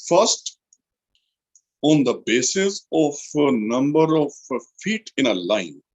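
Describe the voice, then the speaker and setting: Slow, emphatic Indian English lecturer. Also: male voice, medium pitch, very animated, darkish tone. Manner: slow, deliberate, repeats key terms for emphasis. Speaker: college lecturer. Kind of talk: recorded literature lecture.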